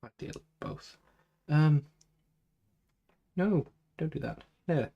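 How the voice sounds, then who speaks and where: A man's voice: on the high side, animated, slow pace, creaky, slightly rough, highs cut off. A man chatting casually while drawing on a live stream, rambling through self-deprecating asides about tech trouble into a desk microphone in a small home room. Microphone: desk microphone plugged into computer.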